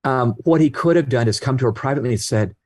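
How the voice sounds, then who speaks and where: A man in his sixties talks earnestly, spinning anecdotes and acting out the people in them. His voice sits in a middle pitch, recorded close with a dry sound. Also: fast talker, darkish tone, no echo. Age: 60s. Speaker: guest author. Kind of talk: storytelling interview talk.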